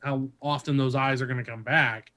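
A man of middling pitch hosts a casual podcast conversation. He rambles along with plenty of ums and uhs, then picks up energy when he gets excited. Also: normal speed. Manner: rambling, many fillers, lively when excited. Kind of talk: casual chat.

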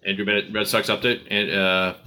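Podcast co-host man: very bright tone, rambling, jokey, self-interrupting. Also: lowish voice, little pitch movement, brisk. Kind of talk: casual banter.

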